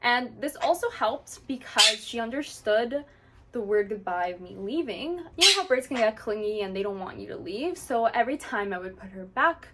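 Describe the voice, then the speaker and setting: A woman's voice: medium pitch, noisy background. A woman talking casually to the camera as a channel host, explaining how she does things in a chatty way and filling her talk with "like". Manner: chatty and explanatory, with frequent fillers like "like". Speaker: parrot owner and channel host.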